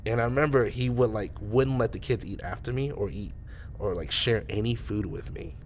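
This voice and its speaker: A man's voice: medium pitch, normal speed, a little hiss or hum. A man co-hosting a podcast, telling a story in a rambling way with many restarts. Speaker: podcast co-host. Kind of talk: casual storytelling.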